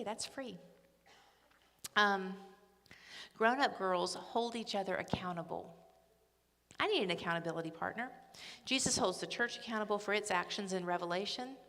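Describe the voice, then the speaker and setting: A woman's voice: mid-range voice, normal speed, pauses often, a bit bright. Chatty middle-aged woman in a reverberant hall. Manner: chatty, humorous, emphatic. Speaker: ladies day speaker. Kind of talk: church talk. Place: church hall. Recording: echoey hall with long reverb.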